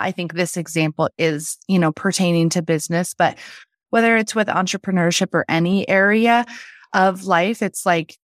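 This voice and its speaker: A woman's voice: on the low side, dry recording, studio quality. A woman hosting a podcast, asking questions in a chatty, encouraging way with plenty of filler words. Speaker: podcast host. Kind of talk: casual interview talk.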